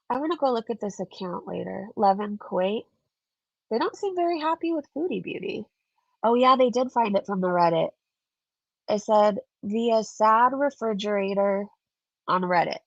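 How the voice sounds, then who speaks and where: A woman vlogger talks through viewer comments in a chatty, sarcastic way. Her voice is congested and gravelly. The recording is dry and a bit muffled. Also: mid-range voice, animated, moderate pace, dry recording. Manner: chatty, sarcastic, laughs often. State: stuffed up, congested. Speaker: commentary channel host. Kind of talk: casual commentary vlog reading viewer comments.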